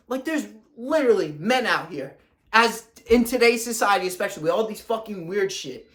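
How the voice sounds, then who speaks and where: A man's voice: high voice, animated, moderate pace, fairly bright tone. A young man, a fitness coach, ranting to camera in a blunt, profane, confrontational way.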